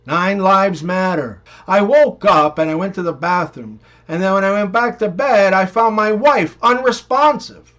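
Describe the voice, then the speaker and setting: A man reading one-liners and joke stories in an even, unhurried way. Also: high-pitched. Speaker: joke narrator. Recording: dull, muffled recording.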